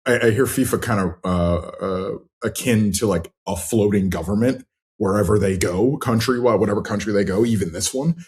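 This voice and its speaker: A man cohosting a sports podcast, talking in an animated, exasperated, rambling way. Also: on the low side, normal speed. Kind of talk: casual podcast chat.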